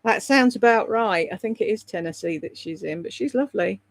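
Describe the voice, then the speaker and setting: A woman's voice: mid-range voice, brisk, vocal fry, no room sound. A British woman chatting casually on a live stream, rambling between topics and reading out viewer comments. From Britain. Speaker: live streamer and voice-over artist.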